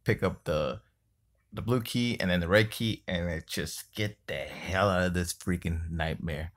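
A man's voice: low-pitched, unhurried. A man giving casual let's-play commentary on a mobile game, exasperated and cursing at it, sometimes mocking the enemy, recorded on a phone mic. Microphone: phone screen-recorder mic.

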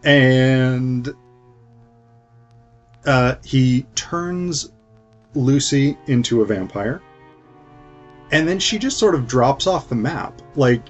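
A man's voice: medium pitch, lively intonation, extremely slow, long pauses, dull audio, soft background music. A man hosting a casual film review, retelling the plot in a sarcastic, jokey way with lots of fillers. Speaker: host.

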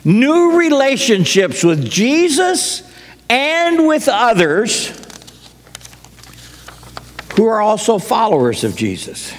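A man's voice: very high voice, huge pitch swings, slow pace, long pauses, slight background noise. A man preaching a sermon in a folksy storytelling way, acting out the people in his stories. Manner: folksy storytelling, acts out quotes. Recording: long hall reverb.

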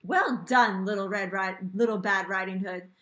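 A woman's voice: mid-range voice, normal speed, a bit bright, roomy sound, close to an everyday voice. A woman voicing a kindly old grandmother from a children's storybook, in a cheerful read-aloud voice. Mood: pleased.

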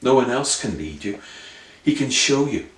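A man's voice: mid-range voice, very animated, moderate pace. A man preaching an earnest sermon full of rhetorical questions and repeated phrases. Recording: roomy sound, voice from a distance.

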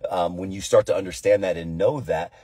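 A man's voice: low-pitched, a little fast, mellow, breathy edge, no echo. A man giving an informal devotional Bible teaching, earnest and repeating phrases for emphasis.

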